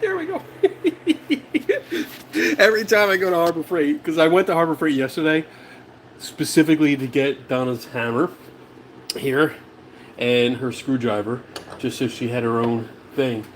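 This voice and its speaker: A man's voice: fairly high pitch, animated, measured pace, slight background noise. A man from Philadelphia hosting a casual livestream from his garage, chatting, laughing often and reading out viewer comments. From Philadelphia, USA. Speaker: livestream host. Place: home garage.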